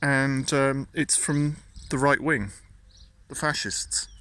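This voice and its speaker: A man's voice: medium pitch, slow, fairly bright tone, a little hiss or hum. A man, ranting casually and indignantly, often stumbling and repeating words. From Britain. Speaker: vlogger. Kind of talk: casual political rant.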